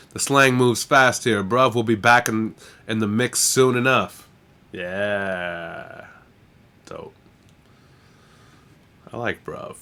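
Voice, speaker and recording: A man's voice: fairly low pitch, bright, forceful tone. A man hosting a live stream, chatting casually in a slangy, laid-back way and swearing freely. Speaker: stream host and rapper.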